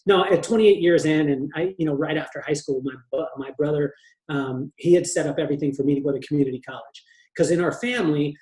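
A man from California, a hairdresser, tells his life story in an easy, joking way and slips into voices for the people in it. His voice sits a little high for a man, and the room around him rings with echo. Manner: animated, joking, acts out family members' voices. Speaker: guest hairdresser. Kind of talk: storytelling in a podcast interview.

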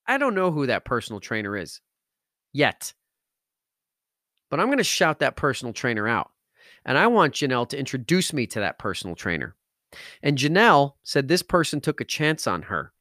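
A man's voice: medium pitch, sing-song, normal speed, pauses often, sharp tone, no room sound, studio quality. A man hosting a podcast, telling an emotional story with intense, emphatic delivery that rises into outbursts. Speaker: podcast host.

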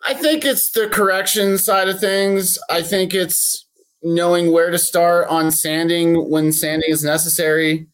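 Man, boat detailer, casual podcast talk, friendly, practical, slightly high pitch. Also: fairly even intonation, measured pace. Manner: friendly, practical, talks in long runs with fillers.

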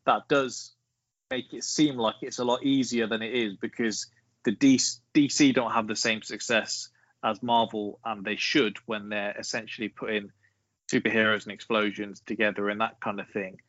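A man co-hosting a casual film podcast, explaining his points in a measured way and leading with trivia. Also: fairly low pitch, steady tone, fairly bright tone, dry recording, highs cut off. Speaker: podcast co-host.

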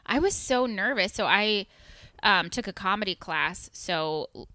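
A woman's voice: mid-range voice, animated, a little slow, bright, forceful tone, no echo, clean studio sound. A woman co-hosting a podcast, a stand-up comedian in easygoing casual chat who laughs often.

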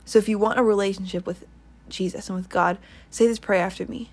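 A woman preaching to her online listeners in a casual, earnest way, circling back over the same points and leading them in prayer. Her voice sits at an ordinary middle pitch. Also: steady tone, fairly quick. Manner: earnest, repetitive, rambling exhortation.

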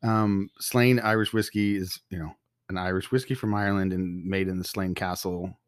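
A man co-hosting a whiskey podcast, talking in an easygoing, chatty way and quick to agree. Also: low voice, fairly even intonation, no room sound, studio quality. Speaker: podcast co-host. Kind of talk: casual chat.

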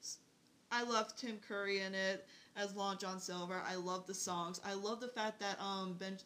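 A woman's voice: medium pitch, steady tone, moderate pace, a bit bright, a little hiss or hum. A woman guesting on a podcast, chatty and bubbly, who talks on and on. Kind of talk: casual chat.

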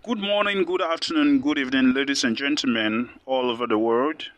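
A man's voice: mid-range voice, a little fast, fairly bright tone. A man from Nigeria preaching a sermon, earnest and repeating phrases for emphasis. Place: Lome, Togo.

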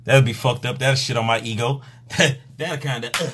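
A bright, husky male voice in a loose, joking live-stream chat. He riffs crudely about sex and slips into mock voices to act out partners, laughing as he goes. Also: mid-range voice, normal speed. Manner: crude, joking, acts out quotes.

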